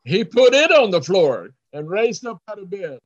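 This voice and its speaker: A man preaching a story in short phrases for an interpreter, animated, acting out the voices of the people in his story. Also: high-pitched, normal speed. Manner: animated, acts out hollering voices. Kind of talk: sermon storytelling with live interpreter. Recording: dull lo-fi sound.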